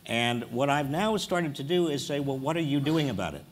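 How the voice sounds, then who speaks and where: A man's voice: medium pitch, animated, moderate pace, slight background noise. A man in his sixties, a professor speaking earnestly on a conference panel before an audience, with many hesitant "uh" sounds.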